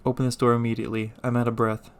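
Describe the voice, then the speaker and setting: A man's voice: mid-range voice, completely flat delivery, racing, a little hiss or hum, natural voice. A man voicing an entitled, demanding woman trapped in a church, indignant and bossy with sudden sugary turns.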